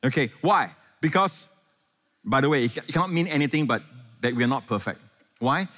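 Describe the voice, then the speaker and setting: A man preaching a sermon as pastor, animated, often asking the congregation questions and calling for amens. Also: medium pitch, fairly quick, in a large hall.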